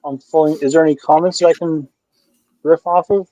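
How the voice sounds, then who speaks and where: A man's voice: fairly high pitch, steady tone, brisk, dark tone, no room sound, muffled recording. A man co-hosting a beer review live stream, filling the gaps with dry joking commentary in casual chat. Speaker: beer review podcast co-host.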